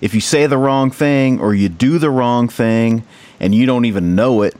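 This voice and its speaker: A man's voice: medium pitch, normal speed, a little mellow, no room sound. A man in casual chat, talking reflectively and swearing now and then.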